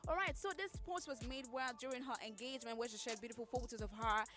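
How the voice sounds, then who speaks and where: A woman's voice: on the high side, fast, music in the background. A woman hosting a radio show, chatting casually through entertainment news and reacting openly to each story. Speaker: radio host. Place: radio studio.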